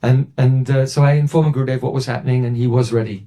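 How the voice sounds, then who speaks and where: A man giving a devotional talk, telling a story and quoting others in a lowered voice. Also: fairly even intonation, quick pace, mellow. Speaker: spiritual teacher.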